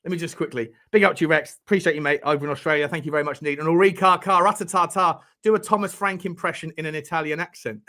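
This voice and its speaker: A man's voice: a little high, fairly even intonation, fast talker, hardly any pauses, bright, forceful tone. A man hosting a casual live-stream chat, joking around and reading out viewer messages. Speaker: livestream host.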